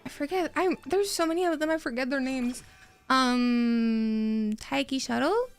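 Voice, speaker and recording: A woman streamer chatting casually while she plays a game, rambling and excitable, answering her chat as she goes. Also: high voice, measured pace, clean tone, faint music behind.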